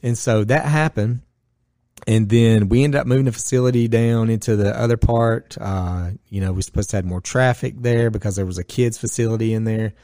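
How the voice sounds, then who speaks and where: Brisk and fairly low-voiced, this podcast guest, a gym owner from Northwest Georgia, US, spins a casual story. His delivery is blunt and full of profanity, with lively acted-out quotes. The recording is dry and clean, studio quality.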